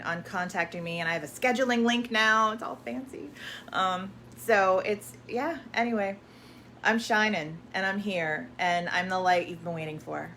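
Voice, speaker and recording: A woman with a fairly low but fairly bright voice, a spiritual energy coach, speaks in a casual promotional chat. Affirming and effusive, she keeps repeating herself in uplifting self-help terms. There's a little hiss or hum.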